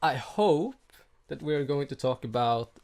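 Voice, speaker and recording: A man's voice: on the high side, animated, measured pace, a little mellow. A young man co-hosts a laid-back podcast. He swears freely and laughs often while he argues his points. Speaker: podcast co-host. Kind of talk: casual chat.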